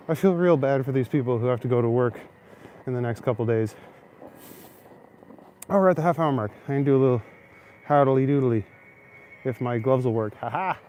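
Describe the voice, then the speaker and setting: A man's voice: medium pitch, a little fast, pauses often, darkish tone, a little hiss or hum. A young man hosting a casual live stream while walking snowy city streets at night, chatting and answering viewers' comments. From Canada. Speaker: livestream host. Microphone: phone camera, held while walking.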